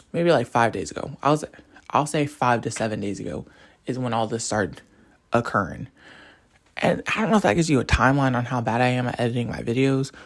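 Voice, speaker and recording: Young college guy on an animated rant, topic hopping, voice all over the place. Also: mid-range voice. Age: young adult. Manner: animated, rambling, jumps between topics. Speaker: college student vlogger. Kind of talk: casual rant to camera.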